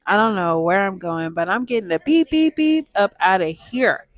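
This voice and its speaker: A young woman, telling a personal story to viewers in a lively, chatty way. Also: mid-range voice, moderate pace. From Texas, USA. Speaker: storytime vlogger.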